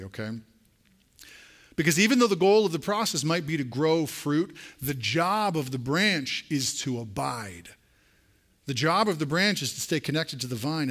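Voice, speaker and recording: Casting: male pastor, mid pitch, earnest sermon to his congregation. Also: a bit bright. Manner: earnest, direct address to congregation; rising to an emphatic pitch near the end. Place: church.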